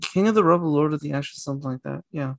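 Woman co-host, very low voice, rambling casual movie talk. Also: quick pace, gravelly. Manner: rambling, searches for words. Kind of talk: casual film discussion.

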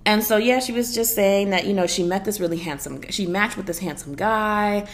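A woman's voice: mid-range voice, normal speed. Sassy, blunt woman podcast host. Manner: sassy, blunt, profane, animated storytelling. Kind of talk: casual opinion chat.

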